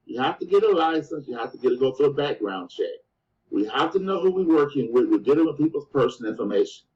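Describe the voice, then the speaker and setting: A man giving a motivational sales presentation, telling his story in an animated way and often calling the listeners "guys" and "man". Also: medium pitch, fast. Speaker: business presenter. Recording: distant, dull lo-fi sound.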